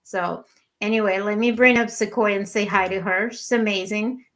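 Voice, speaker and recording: A woman's voice: mid-range voice, steady tone, normal speed. A middle-aged woman, a matchmaker hosting a live chat show, talking chattily and telling stories with laughs. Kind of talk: live-streamed casual chat.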